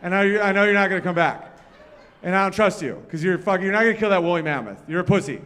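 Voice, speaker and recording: Bossy distrustful cavewoman, profane scolding, done by a male comic in a high voice. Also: fast, a bit bright, clean tone, in a large hall.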